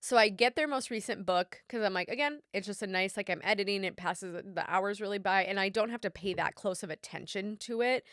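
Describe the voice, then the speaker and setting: A young woman co-hosting a casual podcast, telling stories in an animated, laughing way with plenty of swearing. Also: mid-range voice, fairly quick, hardly any pauses, dry recording, studio quality. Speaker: podcast co-host. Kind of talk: casual chat.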